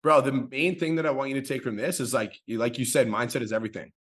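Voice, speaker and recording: Fast-talking hyped male coach. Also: mid-range voice, fairly bright tone, husky. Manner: fast, profane, hyped, emphatic. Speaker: business coach hosting a group call. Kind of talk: motivational coaching call.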